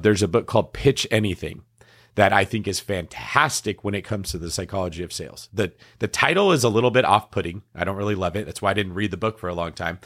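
A middle-aged man co-hosting a business talk show, explaining ideas in a casual way and acting out the reactions of the people he quotes. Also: deep voice. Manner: animated, acts out quoted reactions. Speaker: podcast co-host.

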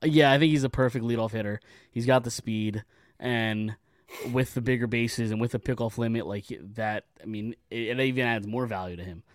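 A man guesting on a sports podcast talks casually and at length, often repeating words as he starts a thought. His mid-range voice keeps fairly even intonation at a moderate pace, and the studio-quality recording has no echo.

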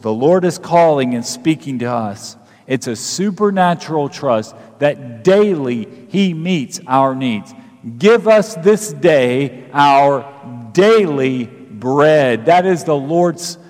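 A man's voice: a little high, darkish tone. Preaching man in a reverberant hall. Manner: preaching with rising fervor, drawn-out pauses. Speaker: pastor. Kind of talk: sermon.

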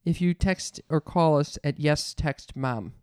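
A man's voice: a little high, measured pace, mellow, clear, resonant tone, dry recording, clean studio sound. A young adult man co-hosting a casual podcast chat with his mother, joking and teasing as he talks. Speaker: podcast co-host.

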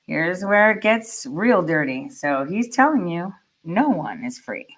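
A woman's voice: on the low side, very animated, unhurried. A woman ranting angrily in profane reaction commentary, firing rhetorical questions at her viewers. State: furious.

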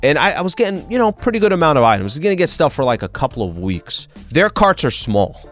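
A man's voice: a little high, big pitch swings, fast, a bit bright, faint music behind. A man co-hosting a daily talk show, telling stories and giving opinions in an easygoing, casual way. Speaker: radio show co-host. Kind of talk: casual chat.

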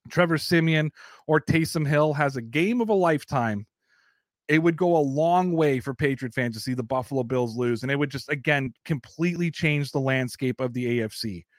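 Blunt, profane Canadian sports host. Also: male voice, fairly high pitch, no echo, studio quality. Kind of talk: casual sports talk.

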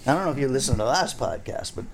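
A man's voice: medium pitch, sing-song, racing, creaky, slight background noise. A man who is a fishing guide, hosting a casual podcast chat and rambling through jokes and stories. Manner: rambling, joking, storytelling.

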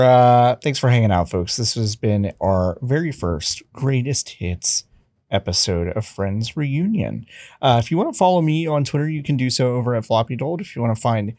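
A man's voice: medium pitch, expressive, normal speed, darkish tone, no room sound, clean studio sound. A man in his thirties co-hosting a podcast, telling profane, joking stories in casual comedic chat. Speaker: podcast co-host.

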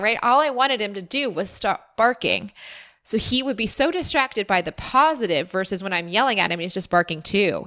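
A woman's voice: mid-range voice, pushed and bright. A woman hosting a solo podcast, answering listener questions in an earnest, encouraging and reflective way. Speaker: podcast host. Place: former resident of Austin.

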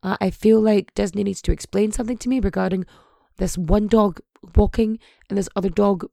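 Hoarse woman host, gravelly and dark, nasal, husky, rambling jokey chat with swearing. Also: medium pitch, fairly even intonation, a little fast, dry recording, studio quality. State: hoarse, voice partly gone. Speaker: podcast host. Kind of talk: casual, irreverent podcast chat.

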